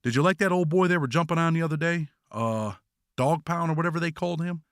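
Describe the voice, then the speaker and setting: A man putting on a slow-drawling old Southern cellmate. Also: fairly high pitch, smooth, dry recording, clean studio sound, pitched above the performer's own voice, lightly acted. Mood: folksy, gruff. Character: older Southern male prison cellmate, gruff, blunt.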